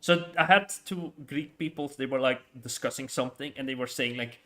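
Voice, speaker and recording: A man streaming a city-building game in casual chat, rambling with lots of fillers and quick laughs. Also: medium pitch, sharp tone. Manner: rambling, hesitant, full of fillers and frequent laughs. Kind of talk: casual live-stream chat while playing.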